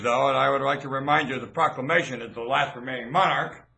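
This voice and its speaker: A man's voice: medium pitch, a little fast, vocal fry, pushed and bright. A man rambling through proclamations into a webcam, spelling out words as he goes. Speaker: vlogger.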